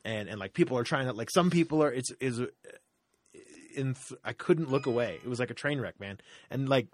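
A man's voice: mid-range voice, a little fast. Profane rambling man. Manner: profane, rambling, animated retelling with many fillers. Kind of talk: casual storytelling rant.

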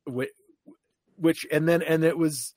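A man's voice: on the high side, fairly even intonation, slow, darkish tone, no echo. A man co-hosting a podcast, telling personal stories in a candid, hesitant way with many restarts. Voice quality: hesitant, many restarts and self-deprecating asides. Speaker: podcast co-host. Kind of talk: candid casual chat.

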